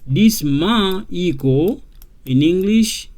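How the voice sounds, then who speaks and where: A man whose first language is French, teaching a language lesson and repeating each point slowly with many okays. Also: on the high side, lively intonation, darkish tone. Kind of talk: slow explanatory lesson.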